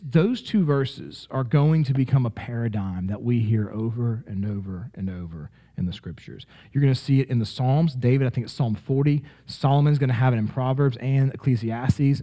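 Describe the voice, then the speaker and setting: A man's voice: medium pitch, warm tone. A man teaching a Bible study lesson with slides, talking emphatically and conversationally, often asking "right?".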